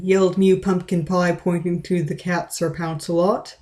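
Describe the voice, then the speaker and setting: A woman's voice: on the low side, little pitch movement, normal speed, darkish tone. A woman reading a fan story aloud in a playful, dramatic way, with small stumbles. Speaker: reader. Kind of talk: read-aloud of fan fiction.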